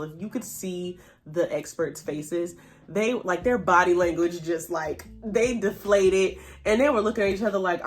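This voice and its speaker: A woman casually recapping a reality show, chatty and animated, acting out what people said. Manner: chatty and animated, reenacts quotes with pitch jumps. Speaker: YouTube TV recap host.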